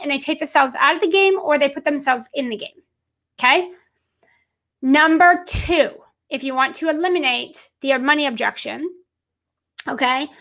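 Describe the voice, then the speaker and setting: Bright high-pitched lady coach on a live video, super emphatic, keeps saying guys. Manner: emphatic, repeats points, addresses audience as guys. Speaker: business coach.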